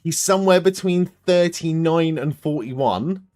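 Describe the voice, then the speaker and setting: A man's voice: fairly high pitch, slow, no room sound, studio quality, soft background music. A man hosting a live watch-along stream, thinking aloud and swearing freely as he plays a guessing quiz with viewers.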